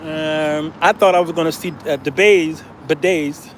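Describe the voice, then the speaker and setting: A man's voice: a little high, normal speed, darkish tone, a little hiss or hum. A man talking casually to his viewers in a travel vlog, chatty and chuckling often. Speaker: vlogger.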